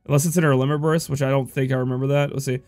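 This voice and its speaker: A man's voice: medium pitch, little pitch movement, very fast, darkish tone, no room sound, clean studio sound, faint music behind. A young man with a sniffly cold, casually reviewing a mobile game, rambling with lots of fillers as he reads out ability text. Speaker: gaming YouTuber.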